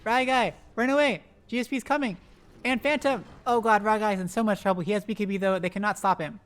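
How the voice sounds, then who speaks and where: Excitable rapid-fire esports caster. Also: medium pitch. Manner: excitable, rapid-fire, bursts into loud exclamations; talks to the players on screen, self-deprecating asides. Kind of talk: live esports play-by-play commentary.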